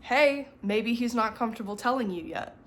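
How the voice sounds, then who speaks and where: A woman's voice: fairly high pitch, lively intonation, moderate pace. A young woman ranting in a casual reading vlog, exasperated and laughing. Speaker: book vlogger.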